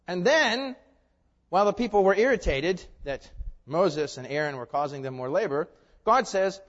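High-voiced preacher in a reverberant hall. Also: male voice, expressive, normal speed. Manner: asks the audience rhetorical questions, swings from loud emphasis to hushed asides. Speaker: pastor. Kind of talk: expository sermon. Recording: reverberant hall, dull lo-fi sound.

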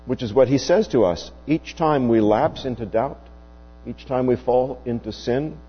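Husky male preacher in a reverberant hall. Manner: slow, emphatic preaching with wide swings in pitch. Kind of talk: sermon. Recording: dull, hummy recording with long reverb.

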